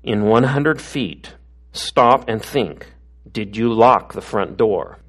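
A middle-aged man voicing a nagging prank GPS navigation voice with measured, deliberate delivery. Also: fairly low pitch, lively intonation, a bit bright, heavily acted. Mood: deadpan.

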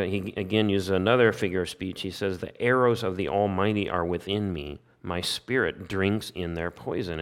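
Man, lowish voice, Bible teacher, explanatory, rhetorical questions, paraphrases scripture aloud. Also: fairly bright tone.

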